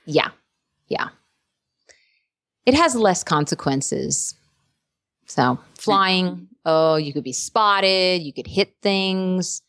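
A woman actress in casual interview chat, an animated storyteller who laughs often. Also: fairly low pitch, extremely slow, long pauses, no room sound, studio quality. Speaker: actress and voice performer.

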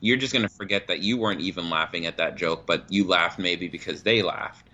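A man's voice: deep voice, brisk, highs cut off. A man co-hosting a podcast, talking things through casually with plenty of "you know.". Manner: relaxed, explains with examples and "you know". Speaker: podcast co-host. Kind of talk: casual chat.

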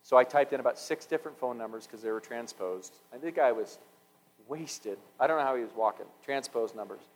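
A man's voice: mid-range voice, a little fast, rough recording. A man telling a story in a sermon, acting out the dialogue as he goes.

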